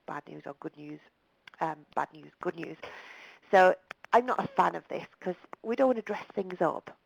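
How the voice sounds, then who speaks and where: A woman's voice: on the low side, gravelly, lo-fi sound. A woman presenting a webinar over the telephone, talking in a direct, plain-spoken and emphatic way. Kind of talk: live webinar talk.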